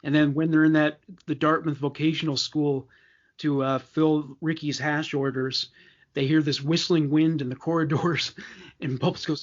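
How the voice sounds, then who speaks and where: Male podcast co-host, slightly high voice, hesitant casual delivery, lo-fi audio. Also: little pitch movement, moderate pace. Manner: hesitant, many fillers and restarts. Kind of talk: casual fan chat.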